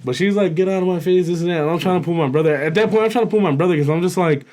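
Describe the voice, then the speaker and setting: A young man co-hosting a podcast, telling a story in casual chat, animated and profane, laughing as he goes. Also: a little high, very fast. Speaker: podcast co-host.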